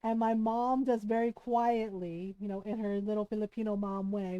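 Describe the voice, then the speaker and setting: A woman's voice: mid-range voice, level tone, normal speed, warm tone, smooth, no room sound, highs cut off. A woman streamer telling a family story in casual chat, tagging her lines with "right?" and acting out what relatives said. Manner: chatty, tags lines with "right?"; acts out family members' lines. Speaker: game streamer.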